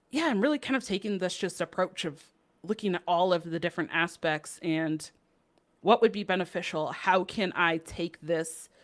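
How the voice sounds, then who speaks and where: A woman co-hosting a card game podcast in casual chat, upbeat and chatty with frequent laughs. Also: fairly low pitch. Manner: upbeat and chatty, laughs often, many fillers. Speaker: podcast co-host.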